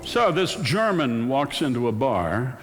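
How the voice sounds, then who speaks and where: A man's voice: medium pitch, very animated, unhurried, over loud music. A man hosting a live radio joke show on a theatre stage, telling jokes in a dry manner and chuckling at the others. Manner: dry, chuckling, amused reactions. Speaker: host. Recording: long theatre reverb, faint noise.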